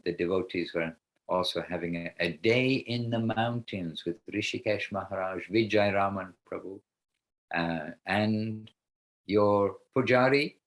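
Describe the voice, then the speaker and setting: A man leading an online spiritual class over a video call, talking in a rambling, halting way with frequent restarts. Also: low voice, fairly bright tone, rough recording.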